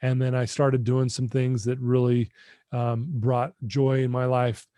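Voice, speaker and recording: A man's voice: medium pitch, level tone, a little slow, warm tone, no echo, clean studio sound. A middle-aged man, a guest on a podcast interview, telling his recovery story in an earnest, heartfelt way and speaking straight to the host over a video call. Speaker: guest, addiction recovery mentor.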